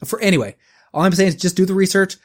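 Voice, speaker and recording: Rambling, cursing man on a podcast. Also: high-pitched. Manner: rambling, profane ranting, quick restarts. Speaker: podcast co-host. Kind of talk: casual podcast chat.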